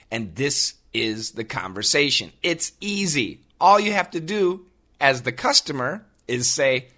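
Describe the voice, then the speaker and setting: An American man teaches English in a podcast lesson. He talks slowly and clearly, repeating each phrase with a bright tone. His pitch swings up and down a lot.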